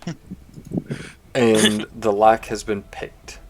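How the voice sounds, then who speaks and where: A man narrating a tabletop game as game master in a measured, descriptive way. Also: on the low side, little pitch movement, noisy background.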